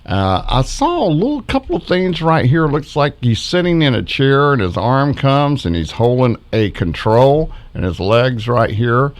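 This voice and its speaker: A man's voice: mid-range voice, big pitch swings, measured pace, hardly any pauses. A middle-aged man casually narrating his backyard footage as a ufology vlogger, chuckling often as he points out faces in orbs.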